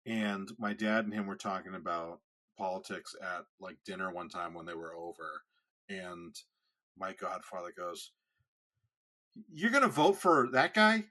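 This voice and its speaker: Low-pitched yet bright, this man's voice carries a forceful tone. He co-hosts a podcast, chatting casually, rambling, and frequently starting his sentences over.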